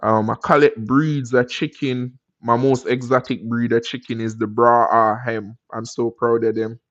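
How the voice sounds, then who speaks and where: A man's voice: medium pitch, flat delivery, normal speed, no echo, lo-fi sound. A man with a Jamaican accent, hosting a live stream and chatting casually with viewers, rambling into encouraging life advice. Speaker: livestream host.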